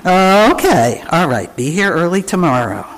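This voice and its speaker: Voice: medium pitch, sing-song, a little slow, long reverb tail, rough recording. A reader doing a cheerful, encouraging stepdad. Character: kindly, upbeat stepfather of a boy.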